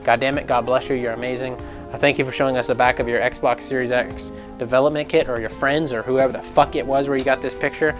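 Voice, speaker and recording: A young man hosting a casual gaming news vlog, animated and sarcastic, swearing freely and mocking people in put-on voices. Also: medium pitch, fast talker, music in the background. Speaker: gaming news channel host.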